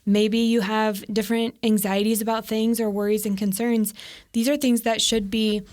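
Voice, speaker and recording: Woman chiming in with warm agreement. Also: on the high side, little pitch movement, normal speed. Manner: affirming, chiming in with short agreements. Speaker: podcast co-host. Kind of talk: casual conversation with her husband.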